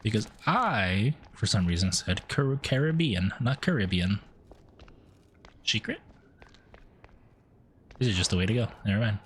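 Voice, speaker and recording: Male streamer, casual gameplay commentary, playful, swears a lot, animated pitch. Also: fairly quick, few pauses, slight background noise. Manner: playful, swears often, swings his pitch.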